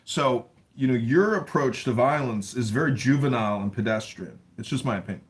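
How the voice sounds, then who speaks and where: A man chatting casually in an audio chat room, telling rambling stories in a lively way. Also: medium pitch, a little fast. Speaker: self-described comedian caller.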